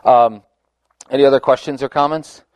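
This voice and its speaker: A man's voice: medium pitch, steady tone, normal speed, darkish tone, dry recording. A man leading a Bible study discussion, earnest and conversational, often restarting his phrases.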